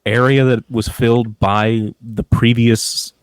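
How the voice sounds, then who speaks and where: A man's voice: medium pitch, takes it slowly, smooth, no echo. A man co-hosting a casual podcast chat about tabletop gaming, swearing freely and acting out quotes. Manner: profane, animated, slips into quoted voices. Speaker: podcast co-host.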